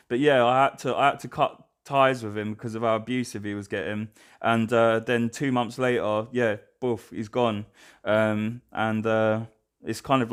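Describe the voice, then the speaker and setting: A man's voice: mid-range voice, clean tone. A young man, rambling through casual reaction commentary with many fillers and restarts. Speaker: reaction video host.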